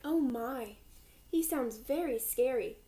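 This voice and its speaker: A woman voicing a kind, loving mother raccoon in a children's storybook, speaking gently and soothingly. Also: sits high, slow, rough recording.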